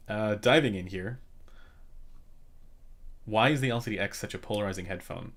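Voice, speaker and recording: Low gravelly guy hosting a laid-back live q&a, lots of ums and restarts, quiet condenser mic. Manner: relaxed, rambling, many fillers and restarts. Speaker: headphone reviewer hosting a live Q&A. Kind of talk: casual live-stream chat. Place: home room during a studio move. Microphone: studio condenser microphone, a bit quiet.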